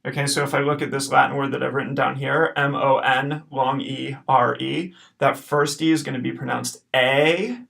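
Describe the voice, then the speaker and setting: A man with a mid-pitched voice full of gravelly fry narrates a recorded lesson over slides. He explains patiently, step by step, and checks in with a quick okay. He talks close to a desk mic. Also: fairly even intonation, a bit bright. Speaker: Latin teacher.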